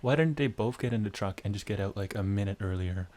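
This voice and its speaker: A man's voice: on the low side, fast, darkish tone. A young man co-hosting a podcast, chatting casually about a film, easygoing and agreeable. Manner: easygoing, agreeable, short replies and questions. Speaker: podcast co-host. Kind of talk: casual film recap chat.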